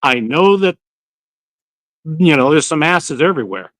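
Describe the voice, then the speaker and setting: A man's voice: a little high, expressive, unhurried, a bit bright, no room sound, poor audio. A man hosting a casual live-stream chat, telling rambling stories and swearing casually. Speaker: host of a barbecue channel livestream.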